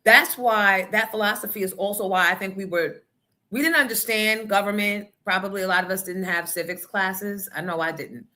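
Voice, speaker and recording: A woman hosting a morning show, telling stories in a blunt, profane, animated way. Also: mid-range voice, normal speed. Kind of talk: casual opinion talk.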